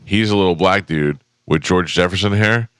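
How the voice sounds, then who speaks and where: A man's voice: deep voice, normal speed, clean tone, no echo. A man hosting a morning radio show in a studio, telling stories in casual banter and acting out the quotes. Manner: animated storyteller, acts out quotes in funny voices. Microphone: studio microphone.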